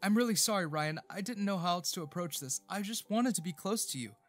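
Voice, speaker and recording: A man's voice: high-pitched, expressive, brisk, faint music behind, pitched above the performer's own voice. A man voicing a heartbroken young man who pleads through tears, his voice shaking. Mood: pleading.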